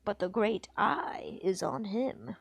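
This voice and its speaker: A woman reading aloud, voicing a sly, evil male orc who sneers in a softer, scheming tone. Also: mid-range voice, expressive, slow, vocal fry, husky, no room sound, exaggerated voice. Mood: sneering. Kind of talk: reading a book aloud on a livestream.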